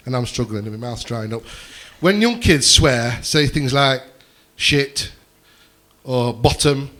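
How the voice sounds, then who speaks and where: A man's voice: medium pitch, expressive, unhurried, fairly bright tone, slight background noise. A man doing a rambling stand-up set, swearing freely and chatting with the crowd from a comedy club stage.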